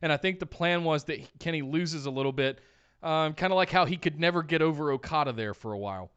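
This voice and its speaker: A man's voice: fairly high pitch, fast, fairly bright tone, smooth, lo-fi sound. A man co-hosting a wrestling podcast, chatting casually as an eager fan. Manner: eager fan, easily fired up. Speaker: podcast co-host.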